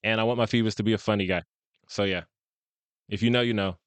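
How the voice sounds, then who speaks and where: Relaxed low-voiced man chatting. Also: fast talker, clean tone, no echo. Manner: laid-back, chatty, laughs often. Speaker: podcast co-host. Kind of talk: casual fan-casting chat.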